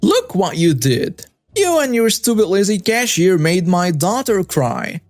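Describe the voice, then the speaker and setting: A man's voice: high voice, big pitch swings, unhurried, a little mellow, faint music behind, voice pushed up. A man voicing a rude, entitled woman shopper who screams demands at a cashier. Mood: furious. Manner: shrieking, demanding, insulting.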